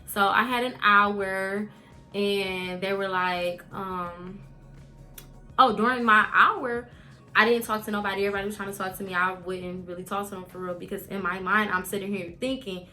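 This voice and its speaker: A young woman vlogging a candid, animated personal story, full of casual fillers. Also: medium pitch, normal speed, faint music behind.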